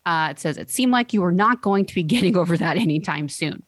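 Low-voiced woman podcast co-host. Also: expressive, fast, no room sound. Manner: chatty, laughing, hesitant fillers. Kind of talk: casual chat.

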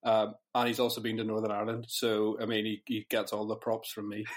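A man's voice: lowish voice, moderate pace. A man co-hosting a podcast in casual chat, enthusiastic and easygoing, often laughing. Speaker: podcast co-host.

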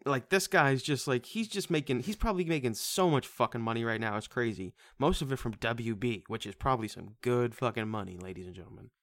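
A man co-hosting a casual movie podcast, excitable, swearing casually and laughing often. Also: mid-range voice, a little fast, few pauses, no echo. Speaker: podcast co-host. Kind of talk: casual movie-review chat.

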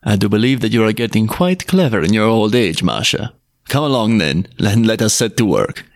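A man's voice: on the low side, sing-song, moderate pace, no room sound, studio quality. A man voicing an old peasant husband in a storybook reading, lifting his voice as he exclaims. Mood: playful. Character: old peasant husband, cheerful then awed.

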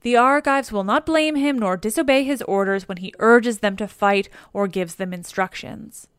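An aged warrior counselor speaks with urgent, formal earnestness, read by a woman in her own voice. The tone is smooth and clean, recorded dry and close. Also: mid-range voice, normal speed, no room sound, natural voice. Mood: earnest, urgent. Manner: earnest, urging, formal old-fashioned speech. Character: old male warrior king, wise counselor.

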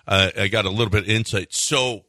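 A man hosting sports talk radio, telling stories with lively acted-out quotes. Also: lowish voice, a little fast, no echo. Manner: animated storyteller, acts out quotes loudly.

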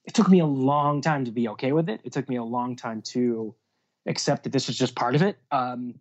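A man's voice: mid-range voice, brisk. Rambling man with dull lo-fi sound. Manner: rambling, many fillers and restarts. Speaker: music booking agent guest. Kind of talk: casual interview storytelling.

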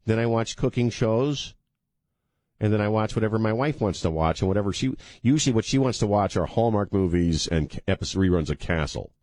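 A man's voice: fairly low pitch, lively intonation, a little fast, darkish tone, no room sound. A male talk radio host bantering on air, ranting in mock outrage and joking. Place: radio studio. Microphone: studio microphone.

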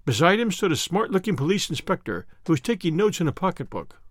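Man with a lively high reading voice. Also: no room sound, clean studio sound. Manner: measured storytelling. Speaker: narrator. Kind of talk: audiobook reading of a classic story.

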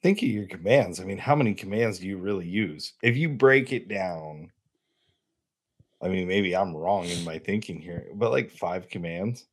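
A man's voice: deep voice, animated, normal speed. A man hosting a casual chat, talking things through with self-deprecating asides.

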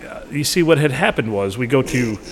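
A man's voice: mid-range voice, lively intonation, a little fast, long reverb tail, very noisy. A man hosting a casual podcast, jokey and teasing with his guest. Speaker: podcast host.

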